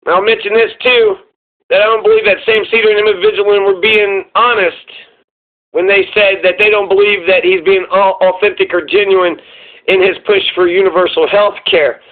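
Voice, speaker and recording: Commentary host, male, profane and sarcastic; high-ish voice, lo-fi phone-quality audio. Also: little pitch movement, normal speed. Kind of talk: casual reaction commentary. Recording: tinny lo-fi phone-like sound.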